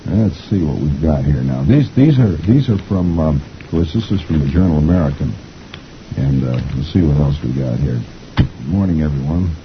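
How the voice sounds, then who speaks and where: A man's voice: rumbling low, lively intonation, normal speed, highs cut off, slight background noise. A middle-aged man hosting a chatty reading of the comics, folksy and rambling, chuckling often. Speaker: host reading the comics aloud.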